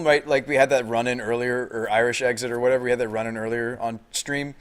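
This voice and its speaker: A man streaming live, commenting on a card game and chatting with viewers in a deadpan delivery with little inflection. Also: medium pitch, fast, hardly any pauses. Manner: thinks aloud, chats with viewers.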